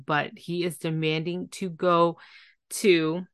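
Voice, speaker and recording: Lively woman recapping reality TV. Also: deep voice, slow pace, creaky, no echo, clean studio sound. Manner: animated, acts out quotes in put-on voices. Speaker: podcast co-host. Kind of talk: casual reality-TV recap chat.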